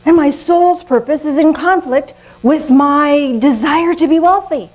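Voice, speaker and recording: An older woman preaching a sermon in a lively, conversational way, often laughing at herself. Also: high-pitched, unhurried, rough recording. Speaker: minister.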